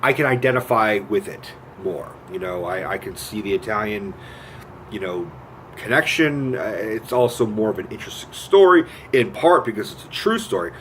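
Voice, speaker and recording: A man giving a casual, profane film rant. He retells scenes with lively quoted voices and gets animated as he goes. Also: fairly low pitch, normal speed, slight background noise. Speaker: movie reviewer.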